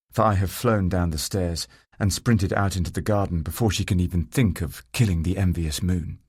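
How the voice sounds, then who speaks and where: An audiobook narrator with a husky, low male voice delivers scripted first-person narration. He reads at a moderate pace with a slightly mellow tone, in studio quality with no room sound.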